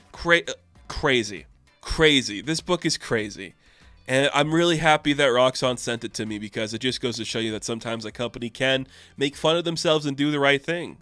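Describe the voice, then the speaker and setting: Male comic reviewer, sarcastic and animated, bright voice, dry recording. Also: mid-range voice, moderate pace, no room sound, faint music behind. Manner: animated, sarcastic, acts out quotes in silly voices.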